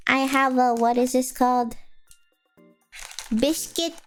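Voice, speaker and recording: A woman's voice: high voice, slow pace, pauses often, soft background music. A sleepy woman streamer chatting casually with her viewers, rambling and playful, breaking into silly sing-song noises. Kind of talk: casual live-stream chat.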